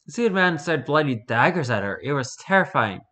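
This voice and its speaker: A man casually reading a spooky first-person story aloud, relaxed and unpolished, stumbling and correcting himself as he goes. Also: a little high, brisk. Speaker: story reader.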